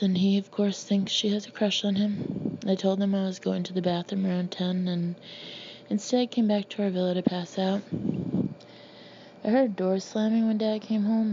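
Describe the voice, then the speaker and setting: A woman reading her own memoir aloud in a dry, deadpan, sardonic way. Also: mid-range voice. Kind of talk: audiobook narration. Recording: slightly muffled with faint hiss.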